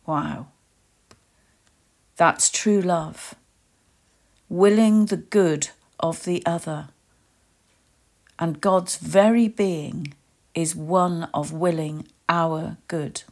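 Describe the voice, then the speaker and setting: A woman giving a reflective sermon, leading listeners through a gentle guided imagining in short, meditative phrases. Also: fairly low pitch, very slow, pauses often. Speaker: preacher.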